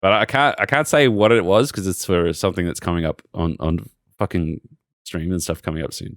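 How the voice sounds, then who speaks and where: A man's voice: low-pitched, no room sound, clean studio sound. An Australian man co-hosting a podcast, telling rambling, sweary stories in a casual chat. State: recently sick. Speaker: podcast co-host.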